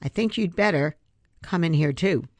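Woman doing a stern, loud old grandfather. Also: on the low side, normal speed, no echo, close to an everyday voice.

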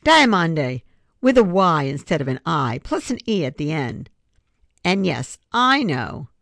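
A woman voicing a bold, sharp-tongued schoolgirl who always wants the last word, speaking in a confident, sassy way. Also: low voice, very animated, measured pace, no room sound, clean studio sound, full character voice.

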